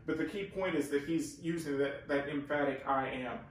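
A man's voice: on the high side, normal speed. A man teaching the Bible in a casual, earnest way, explaining and leaning hard on key words. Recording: very echoey room, far from the mic.

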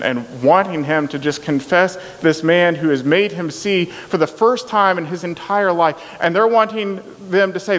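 A man preaching a sermon, retelling a scripture story and acting out the voices of its people, often repeating his words. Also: on the high side. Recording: long hall reverb, faint noise.

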